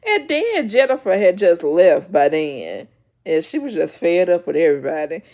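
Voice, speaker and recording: A woman's voice: fairly low pitch, very animated, moderate pace, a little mellow. A woman hosting her own channel, chatting casually as she retells a reality TV episode and acts out the quoted lines. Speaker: YouTube show host.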